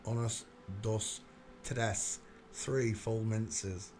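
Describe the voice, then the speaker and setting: A man's voice: on the low side, steady tone, drawn-out words, darkish tone, slight background noise. A man hosting a livestream, muttering to himself as he clicks through searches in casual commentary. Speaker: livestream host. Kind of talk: casual live-stream commentary.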